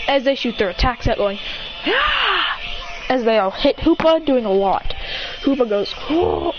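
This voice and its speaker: Woman excitedly narrating a fan story. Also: on the high side, brisk, very noisy. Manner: excited, with acted shouts and self-corrections. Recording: dull lo-fi with loud music.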